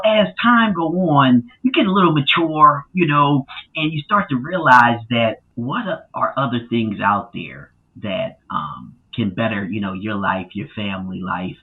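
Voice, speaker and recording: Husky man telling stories over a tinny line. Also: mid-range voice. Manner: animated, lots of fillers, acts out quotes loudly. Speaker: podcast guest. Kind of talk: casual interview storytelling.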